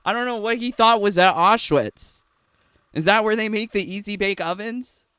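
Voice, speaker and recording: A man's voice: high voice, normal speed, bright, forceful tone, smooth, no room sound. A man ranting in a sarcastic, rambling, giggly way from his home in a casual gaming vlog. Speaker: gaming YouTuber. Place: home room.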